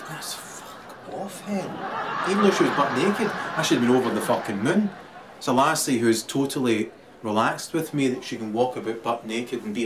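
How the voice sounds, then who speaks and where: Profane laughing Scottish man, far off. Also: medium pitch. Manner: crude, laughs through his talk, swings loud and quiet. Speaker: vlogger. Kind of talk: rambling profane monologue. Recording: distant mic, loud crowd and noise.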